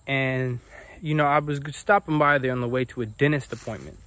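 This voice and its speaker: A young man telling a casual storytime about his own life, animated and acting out the people he quotes. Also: mid-range voice, fairly quick. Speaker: vlogger.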